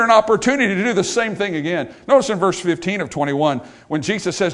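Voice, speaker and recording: A pastor preaching a sermon in a church, swinging between emphatic high points and hushed, soft passages. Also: male voice, fast. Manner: dynamic preaching, rising to emphatic highs and dropping to hushed lows. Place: church sanctuary.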